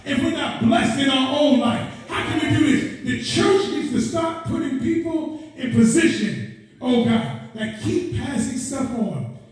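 A man preaching a sermon in a passionate, repetitive cadence, rising to shouts and often crying out "oh God" between phrases. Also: very high voice, unhurried. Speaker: guest preacher. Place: church sanctuary. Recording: echoey church from far off.

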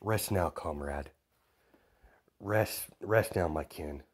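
A man voicing a cruel young male bio-weapon in a slow, low, threatening way, in a told fan story. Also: noisy background. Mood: solemn.

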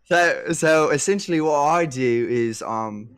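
A man's voice: fairly high pitch, a little slow, fairly bright tone, smooth, voice pushed up. A man putting on a cheesy British sports commentator accent as a joke during a podcast chat. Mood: jokey.

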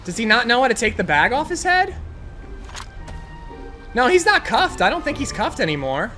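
Excitable, foul-mouthed man on gaming commentary. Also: very high voice, normal speed, faint music behind. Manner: excitable, swears freely, rants in frustration. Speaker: gaming video creator. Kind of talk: gameplay commentary.

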